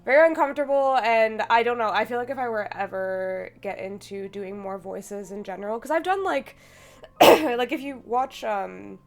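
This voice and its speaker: A woman's voice: on the high side, normal speed, a little hiss or hum. A young woman streamer chatting casually with her brother, rambling and hesitant with many fillers, sounding feverish. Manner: rambling, hesitant, full of likes and ums, laughs often. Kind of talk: casual chat.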